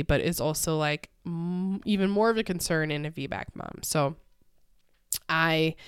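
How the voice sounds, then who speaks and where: Smooth-voiced woman telling a story. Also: on the low side, dry recording, studio quality. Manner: casual, many fillers, laughs often. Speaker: podcast host. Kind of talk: personal storytelling.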